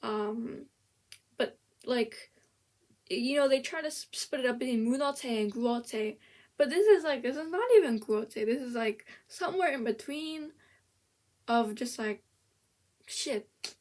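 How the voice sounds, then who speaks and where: A young woman with a slightly high voice gives a blunt, sarcastic rant in loose casual commentary. She swears freely and trips over her own sentences as she restarts them. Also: unhurried, long pauses, a little mellow. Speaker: vlogger reviewing a language app.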